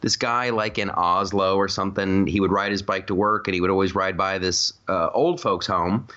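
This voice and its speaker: A man's voice: sits low, steady tone, moderate pace, sharp tone, highs cut off. Rambling man telling stories on a podcast. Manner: rambling storyteller, restarts and laughs often. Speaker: podcast host. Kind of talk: casual comedic chat.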